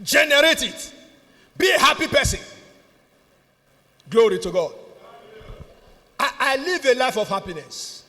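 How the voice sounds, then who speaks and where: A Nigerian man preaching a sermon as pastor, exuberant, often laughing and shouting. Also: very high voice, very animated, measured pace, long pauses, long reverb tail. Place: church.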